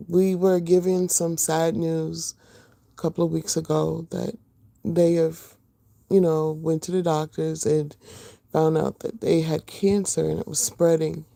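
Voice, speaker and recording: A middle-aged woman talks casually to her livestream viewers, greeting them and filling pauses with ums. Her voice is low-toned, gravelly and rough from sleep. The sound is dry and close, with no room around it. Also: little pitch movement, dry recording. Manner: chatty, warm greetings to viewers, many fillers. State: just woke up, voice rough. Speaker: livestream host.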